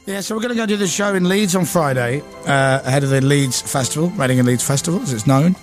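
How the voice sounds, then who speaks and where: Jokey English radio host over music. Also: male voice, fairly high pitch, quick pace. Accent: English, Coventry. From England. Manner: jokey, playful, bursts into silly shouts. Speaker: radio breakfast show host. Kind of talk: casual radio chat. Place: radio studio. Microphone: studio mic. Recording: music playing under speech.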